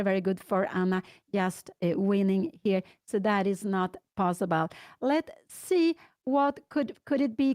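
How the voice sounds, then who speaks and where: A woman in her sixties with a Swedish accent, commentating a chess game live and thinking aloud through move lines, getting excited. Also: medium pitch, dry recording. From Sweden.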